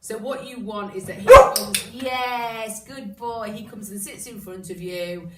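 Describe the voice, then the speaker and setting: Woman explaining dog training, roomy distant sound. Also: moderate pace. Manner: chatty explaining, with bursts of high excited praise to a dog. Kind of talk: casual instructional talk. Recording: roomy echo, distant mic, background noise.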